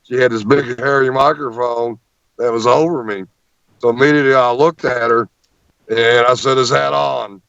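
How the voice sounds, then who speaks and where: A man's voice: mid-range voice, steady tone, normal speed, a bit bright, dry recording. Guy telling a story on an interview show, keeps repeating words, muffled dull audio. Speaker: guest.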